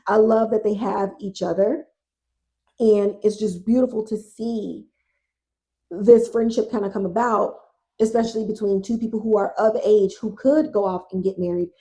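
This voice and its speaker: A woman hosting a casual TV recap podcast, animated and exasperated, swearing freely and talking to listeners as y'all. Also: medium pitch, low-quality recording. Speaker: podcast host.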